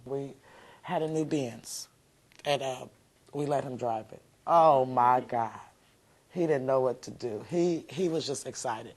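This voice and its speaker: A woman's voice: a bass voice, moderate pace. A woman, a mother being interviewed, talking heartfelt and rambling with many fillers. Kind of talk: emotional interview recollection.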